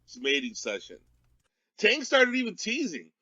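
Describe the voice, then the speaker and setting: Man, sarcastic recap voice, high and bright, dull lo-fi recording. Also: huge pitch swings, moderate pace, no room sound. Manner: sarcastic, mocking. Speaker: critic in a played clip. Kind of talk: mocking recap commentary.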